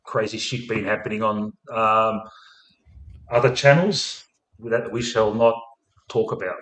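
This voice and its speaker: Speaking unhurriedly in a lowish, steady voice with a fairly bright tone, an Australian stream host chats casually about football. He rambles, laughs frequently and keeps saying "mate," all in a roomy, echoing space.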